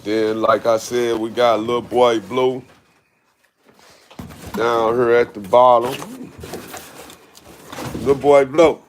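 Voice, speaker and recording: Outdoors at his kennels with his dogs, a dog breeder chats on a livestream in a laid-back, unhurried street-talk manner. His mid-range voice stays fairly even in intonation, with a slight hiss or hum in the audio.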